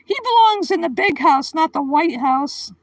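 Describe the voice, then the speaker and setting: Woman, livestream host, high voice, dry close sound, giggly and chatty. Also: lively intonation, normal speed, no echo, low-quality recording. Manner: chatty, giggly, talks to viewers by name. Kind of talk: casual live-stream chat.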